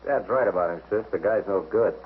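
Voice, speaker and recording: An actor playing a hostile brother who speaks curtly and with menace, in 1940s film acting. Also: male voice, on the low side, fairly quick, narrow, tinny audio, a little hiss or hum, natural voice. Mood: menacing. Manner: menacing, curt.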